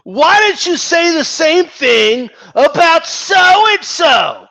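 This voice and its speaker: Brief: man mocking a petulant male sports fanboy, high, yelling, slow and stretched out. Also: sing-song, full character voice, poor audio. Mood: whining. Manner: shouting, drawn-out and high. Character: whiny indignant male boxing fanboy.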